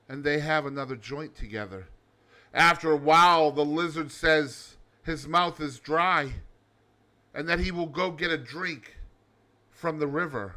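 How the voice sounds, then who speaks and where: Male host, loud, over-the-top alter-ego showman; slow, deliberate pacing, slightly high voice. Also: expressive. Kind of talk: comedic daily show monologue.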